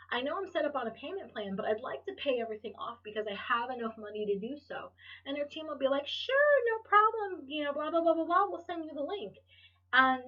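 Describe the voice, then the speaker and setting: A woman's voice: medium pitch, slightly rough, distant mic. Woman, solo podcast host, candid and emotional, profane, dull lo-fi sound. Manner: emotional, profane, rambling with restarts.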